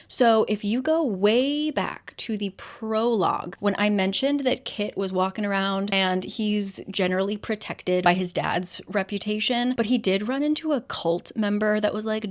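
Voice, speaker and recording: A woman's voice: medium pitch, normal speed, few pauses. A young woman casually recapping a novel's plot, chatty with profane joking asides. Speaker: book recap host.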